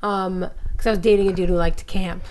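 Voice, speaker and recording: A woman from New York in her thirties with a New York accent, an actress and comedian chatting as a podcast guest, animated and full of stories. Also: on the low side. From New York, Long Island. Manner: animated storyteller, quick restarts and voices. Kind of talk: casual podcast chat.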